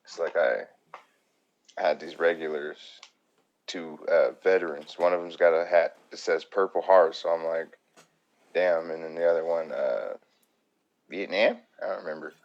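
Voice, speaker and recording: A man with a low, gravelly voice that drops into fry, chatting casually on a podcast. He tells profane work stories, laughs often and breaks into quick impressions of people he talks about. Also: steady tone, muffled recording. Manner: profane, storytelling, laughs a lot, mimics people in quotes. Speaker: podcast co-host. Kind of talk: casual chat.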